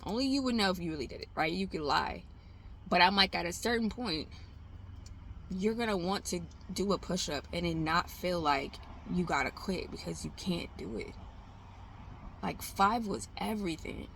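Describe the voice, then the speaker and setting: A woman's voice: lowish voice, moderate pace, vocal fry, fairly bright tone, slight background noise. A tired woman rambling candidly at home in a casual vlog, swearing and laughing as she talks to herself. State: exhausted. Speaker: trading vlogger. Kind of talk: casual self-talk vlog.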